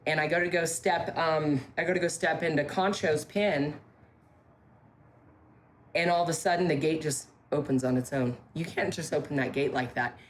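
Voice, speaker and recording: A woman from a ranch telling ghost stories in casual talk, emphatic, with halting restarts and key phrases repeated. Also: low-pitched, slight background noise. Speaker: ranch staff member interviewed about ghost stories. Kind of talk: casual spoken storytelling.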